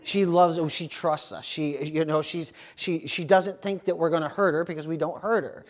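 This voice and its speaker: High-pitched male pastor, storytelling sermon delivery with frequent amens. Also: normal speed. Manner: animated storytelling with amens and praise interjections.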